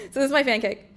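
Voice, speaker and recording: A woman's voice: high voice, sharp tone. Bubbly self-mocking woman streamer. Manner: reads chat messages aloud. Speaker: livestream host. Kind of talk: casual chat with chat readers.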